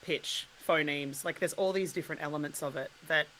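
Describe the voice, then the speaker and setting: A woman with an Australian accent, chatting casually as a podcast guest in an animated way and laughing often. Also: low voice, fairly quick, a little hiss or hum, low-quality recording. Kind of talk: casual chat.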